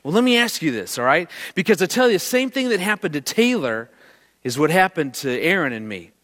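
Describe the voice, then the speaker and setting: A marriage speaker with a fairly high voice talks quickly to a live audience, sharing a family story with humor and plenty of animation. He acts out the voices in it, doing his daughter's lines himself. Long reverb from the hall hangs on every word.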